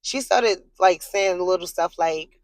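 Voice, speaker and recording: A woman telling a long personal story straight to camera in a casual, rambling way, full of fillers and blunt swearing, getting animated when she's worked up. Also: unhurried, no echo, low-quality recording. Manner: animated, jumps high in pitch when worked up.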